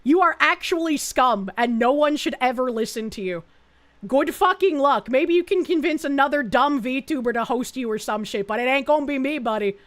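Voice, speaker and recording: A woman's voice: high voice, lively intonation, moderate pace. A woman from Canada streaming casually, reading chat aloud with profane, sarcastic mockery. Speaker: livestreamer.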